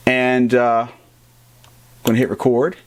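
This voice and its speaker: A man casually reviewing and setting up a microphone in a playful, animated, jokey way. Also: mid-range voice, slow. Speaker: tech reviewer. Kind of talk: casual product review vlog.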